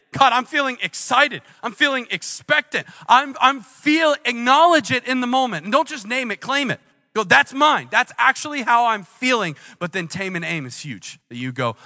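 Man preaching in a reverberant hall. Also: medium pitch. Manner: swings from hushed intimacy to loud emphatic pleading. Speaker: pastor. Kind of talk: sermon. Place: church auditorium.

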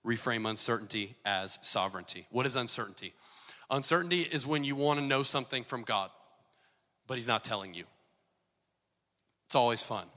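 A man's voice: medium pitch, lively intonation, normal speed, pauses often. Impassioned male pastor in a hall. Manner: impassioned, rising to near shouts. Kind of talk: sermon. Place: church auditorium.

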